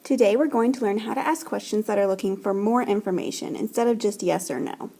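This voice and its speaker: A woman teacher recording a voice-over French lesson, explaining in English slowly and carefully and modelling French phrases aloud. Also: medium pitch, vocal fry, dark tone. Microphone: screen-recording voice-over.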